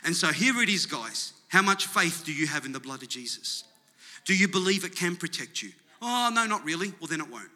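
A male pastor preaching to his congregation, his high, very bright and forceful voice climbing into emphatic, rousing calls. The sound carries a long reverb from a large church hall. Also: lively intonation, fairly quick. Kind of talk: sermon.

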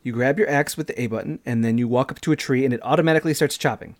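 A man in his thirties, co-hosting a casual gaming podcast and walking through how a game plays, step by step and with animated energy. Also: mid-range voice, racing. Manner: animated, explains games step by step. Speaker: podcast co-host.

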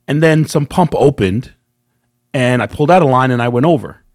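A man chats casually as a podcast co-host, telling animated stories with plenty of swearing. His voice sits at an ordinary pitch for a man. The recording is dry and close. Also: brisk, no echo. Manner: profane, animated storyteller. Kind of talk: casual chat.

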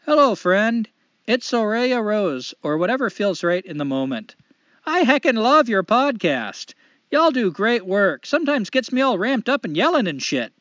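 Guy putting on a light canadian accent for a cheery wandering woman, folksy, a bit higher than his normal voice. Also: sing-song, moderate pace, fairly bright tone, no echo, highs cut off. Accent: light put-on Canadian. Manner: folksy, cheerful letter reading with tag questions. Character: adventurous female drifter writing in, folksy and upbeat.

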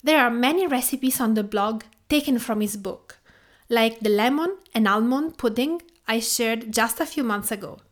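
A woman from Tuscany with an Italian accent, a native Italian speaker, hosting a podcast in a gentle, measured reading voice. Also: on the high side. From Tuscany, Italy. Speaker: podcast host. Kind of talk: scripted podcast monologue.

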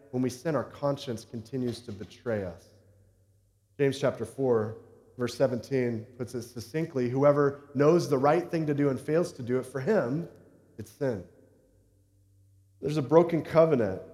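A man's voice: medium pitch, dark tone. A man preaching a sermon as a pastor, talking conversationally and checking in with the congregation as he goes. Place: church sanctuary. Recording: echoey hall reverb.

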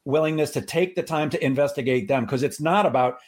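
Husky-voiced male host, emphatic and blunt. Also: a little high, brisk. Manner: emphatic, stammers and restarts, blunt humor. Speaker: podcast host, sales trainer. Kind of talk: conversational interview.

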